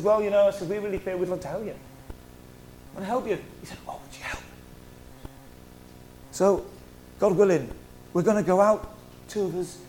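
A male pastor, preaching a lively, conversational sermon full of humorous stories. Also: sits high, a little hiss or hum. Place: church hall.

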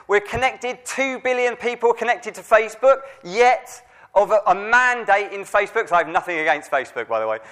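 A man's voice: sits high, a bit bright. A man in his thirties, a youth worker preaching an informal sermon with a chatty delivery, many fillers and restarts, and direct questions to the audience. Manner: conversational, with frequent fillers and restarts.

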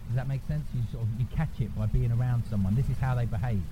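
A man's voice: medium pitch, fast talker, highs cut off. A man giving a conversational sermon, informally checking in with his listeners. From England. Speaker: preacher. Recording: noisy church recording.

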